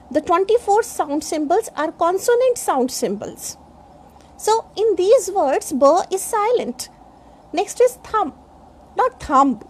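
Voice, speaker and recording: A woman teaching pronunciation in a lecture, spelling words out letter by letter and often pausing with fillers. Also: very high voice, darkish tone. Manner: slow, explains step by step, spells words letter by letter; frequent fillers like uh and you know. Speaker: English speaking teacher.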